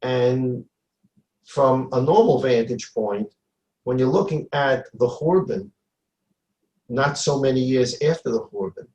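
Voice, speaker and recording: Emphatic rabbi lecturing in an echoey room. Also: male voice, mid-range voice, slow, long pauses, darkish tone. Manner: emphatic, repeats phrases, dramatizes dialogue. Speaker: rabbi teaching a class. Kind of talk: Torah lecture.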